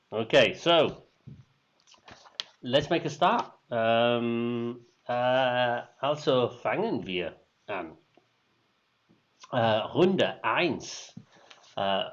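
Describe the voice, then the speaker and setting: A man hosting a weekly online quiz in casual chat, hesitant and full of ums, switching between English and German. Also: medium pitch. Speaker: quiz host. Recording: dull lo-fi stream audio.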